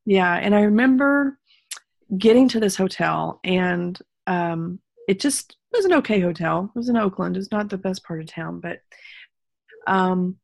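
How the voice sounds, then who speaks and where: A woman's voice: mid-range voice, vocal fry, no room sound, studio quality. A woman from Texas telling a personal story in a casual interview, rambling with many ums and restarts and sincere talk of faith. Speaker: guest telling her story.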